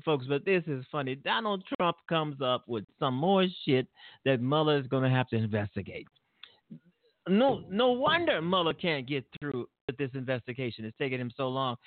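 A man hosts his own show and rants in outraged, rambling commentary, often stopping to laugh and restart his sentences. His voice is thin and boxy, as if it came down a phone line, with no room sound around it. He sits at a middle pitch. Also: animated, moderate pace, dry recording. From Illinois, USA. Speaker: show host. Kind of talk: solo political commentary. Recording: dry tinny phone-like sound.

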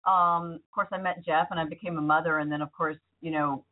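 A woman's voice: low voice, fairly even intonation, fairly quick. A woman co-hosting a talk show, sharing personal stories in a candid, reflective way. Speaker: radio talk show co-host. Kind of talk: casual chat. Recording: tinny phone-like line.

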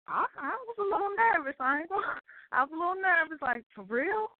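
A middle-aged woman speaking as a guest, candid and relaxed as she tells her side. Her high voice swings widely in pitch. She comes through a tinny phone line with dry sound. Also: quick pace, no room sound. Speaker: guest, host's sister. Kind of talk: casual conversation.

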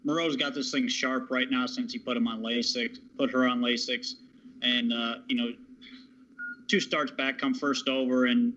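A man handicapping harness races, talking confidently but haltingly with many fillers. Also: medium pitch, pushed and bright, highs cut off, a little hiss or hum. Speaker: racing handicapper. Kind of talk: horse racing handicapping talk.

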